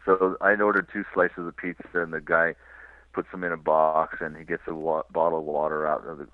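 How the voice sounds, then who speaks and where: A man from California, a touring cyclist, telling his road stories on a radio interview in a relaxed, rambling way. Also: extremely low pitch, fairly quick, no echo. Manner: relaxed rambling storyteller with restarts and small laughs. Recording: tinny dry phone line.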